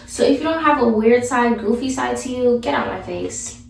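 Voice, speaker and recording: A woman's voice: a little high, animated, normal speed, creaky. A young woman vlogger giving blunt, sassy advice in a casual, chatty way. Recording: echoey room, mic far off.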